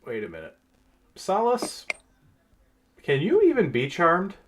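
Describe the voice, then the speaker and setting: Male game master for a tabletop session, animated delivery, rules-heavy, casual. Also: high voice, measured pace, a little hiss or hum. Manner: lively, explains rules at length with frequent fillers.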